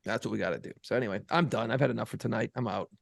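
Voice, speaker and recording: A man co-hosting a podcast, telling a profane, animated story in casual banter and acting out other people's voices. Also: lowish voice, very fast, creaky, no echo, clean studio sound. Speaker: podcast co-host and radio program director.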